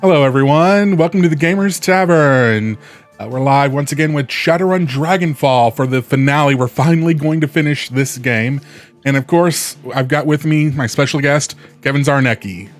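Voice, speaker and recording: A man's voice: fairly high pitch, normal speed, soft background music. A man hosting a live game stream, chatting casually and rambling with many restarts. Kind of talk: casual let's play commentary.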